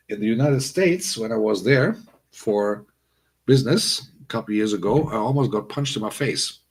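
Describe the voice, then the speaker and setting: Chatty man hosting a livestream, low voice. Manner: chatty, rambling storyteller with many fillers. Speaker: livestream host. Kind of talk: casual livestream chat.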